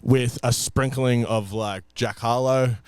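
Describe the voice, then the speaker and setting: A young man chimes into a travel conversation in an easygoing, joking way. His voice sits at a mid pitch and is recorded dry and close. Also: fairly even intonation, takes it slowly, clean tone, no room sound. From Australia. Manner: laid-back, laughing, chiming in. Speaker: podcast co-host. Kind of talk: casual travel chat.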